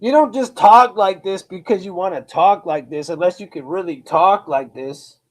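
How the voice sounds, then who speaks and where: A man from Ohio hosting a live reaction stream. He talks casually and bluntly, swears, brags, repeats himself and uses slang like "bro" and "dude". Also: sits high. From Lakewood, Ohio, US. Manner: slow, drawn-out talk with frequent repeats and restarts.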